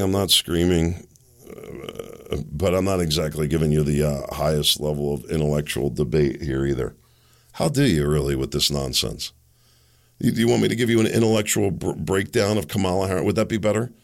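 A middle-aged male host delivering a sarcastic, ranting monologue. His voice sits very low with a gravelly edge, yet it swings widely in pitch as he scoffs and jabs. Scornful little laughs break up his complaints. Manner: ranting, sarcastic, mocking asides. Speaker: political commentary host. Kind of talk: opinion monologue.

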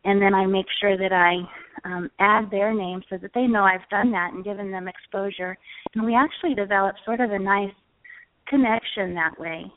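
A woman's voice: mid-range voice, moderate pace, no echo. A woman guest giving earnest, faith-centered advice on speaking, now and then chuckling. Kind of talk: conversational advice on a call-in show. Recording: dry tinny phone line.

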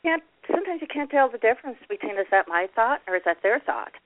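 A woman's voice: on the high side, big pitch swings, fast talker, dry recording. A woman guest and poet on a call-in radio show, speaking in a reflective way about her inner experiences. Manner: reflective, talks about spiritual channeling. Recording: tinny phone line.

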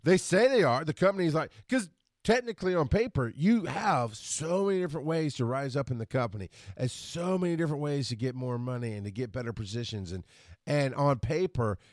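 A man hosting a solo podcast, ranting with frustration and profanity, rushing his words and then reining himself in. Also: mid-range voice, darkish tone, dry recording, studio quality. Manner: frustrated, profane, talks fast then slows down. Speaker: podcast host.

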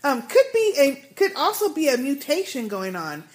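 High-voiced woman podcast co-host. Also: moderate pace. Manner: animated, reads emails aloud with asides. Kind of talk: casual chat, reading listener emails.

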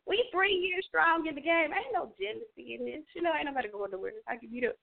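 A woman hosting a casual radio chat, animated and playfully switching voices. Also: high voice, quick pace, gravelly, background noise. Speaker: show host. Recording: tinny phone-line sound.

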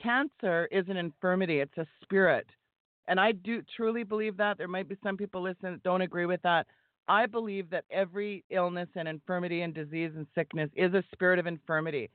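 A woman's voice: fairly low pitch, steady tone, brisk, dry recording. Fervent woman preaching over a phone line. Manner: emphatic, exhorting. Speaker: guest. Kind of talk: fervent preaching-style talk. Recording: tinny phone line, dry.

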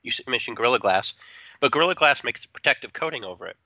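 A man co-hosting a tech podcast, chatting in an animated, joking way with quick asides. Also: medium pitch, no room sound. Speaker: podcast co-host. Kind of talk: casual opinionated chat. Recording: dull dry close-mic sound.

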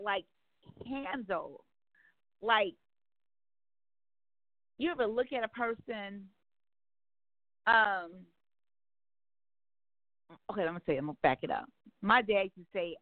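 A woman with a mid-range voice appears as a guest on a talk show, chatting candidly and bluntly about dating. She is outgoing and outspoken and curses freely in this casual conversation. There's no room sound, and the audio is dry and narrow, like a phone.

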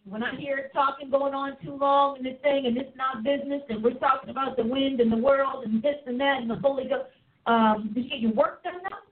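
High-voiced woman hosting on a tinny line. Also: steady tone, brisk. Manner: exuberant, preachy, laughing. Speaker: host. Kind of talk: lively live show chat. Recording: tinny phone-like sound.

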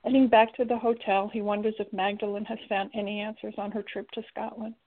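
Gravelly woman narrating, tinny sound. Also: mid-range voice, little pitch movement, a little fast. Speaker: audiobook narrator. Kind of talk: scripted narration. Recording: tinny lo-fi recording.

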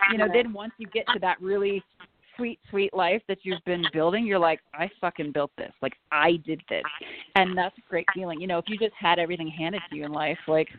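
Frank woman guest in her forties, swears freely, laughs easily; tinny phone-like audio, faint hiss. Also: fairly low pitch. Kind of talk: casual podcast chat.

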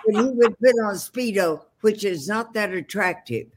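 A woman's voice: medium pitch, lively intonation, unhurried. An older woman, a veteran stage actress, telling bawdy, wisecracking stories on a video call from her home. She rambles with fillers as she goes. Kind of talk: casual storytelling on a video call.

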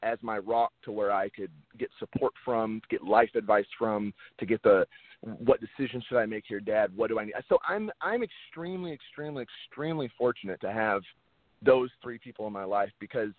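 A man with a fairly low pitch talks in an animated, fairly quick way. He's an actor being interviewed, earnest and casual, who tends to repeat words when he restarts. The recording is dry and has a tinny, phone-like quality.

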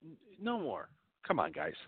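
A man's voice: mid-range voice, moderate pace, slightly rough, no echo, narrow, tinny audio. A man hosting a call-in show, talking crudely and rambling. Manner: profane, rambling and animated. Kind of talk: crude casual call-in talk.

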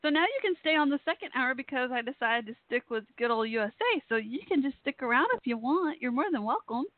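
Brief: woman host, playful teasing storyteller, lively pitch, phone-thin dry sound. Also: fast, no room sound, phone-quality sound. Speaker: radio show host. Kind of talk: casual chat.

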